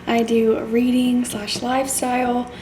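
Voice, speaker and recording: Chatty excited woman in an echoey room. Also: on the high side, measured pace. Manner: chatty and excited, with breathy whispered asides. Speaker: book vlogger. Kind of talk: casual reading vlog chat. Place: home reading nook, indoors. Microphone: camera on a tripod. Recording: roomy echo with faint background noise.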